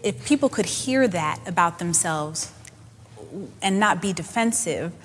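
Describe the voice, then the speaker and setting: A woman's voice: lowish voice, expressive, measured pace, long reverb tail, slight background noise. A woman earnestly explaining her views in a debate. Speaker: feminist speaker in discussion.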